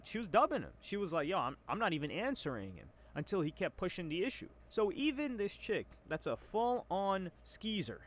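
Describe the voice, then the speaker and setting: Animated man giving mocking reaction commentary. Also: high-pitched, a little fast, few pauses. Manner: animated, incredulous, mocking asides. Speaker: commentator reading messages.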